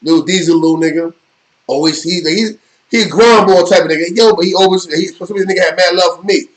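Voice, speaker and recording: A middle-aged man tells a long jail story on his live stream. His voice sits high for a man, and he rambles with loose street slang, often checking in with "you know what I mean." He sounds relaxed and unscripted. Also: fast, rough recording. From New York. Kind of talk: casual storytelling.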